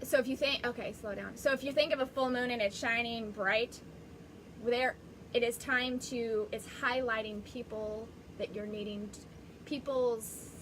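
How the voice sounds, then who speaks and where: Woman, psychic medium hosting a livestream; chatty and rambling, slightly high voice, faint background hiss. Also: fairly even intonation, moderate pace, a bit bright, poor audio. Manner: rambling, chatty, restarts often. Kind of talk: live-streamed spiritual reading.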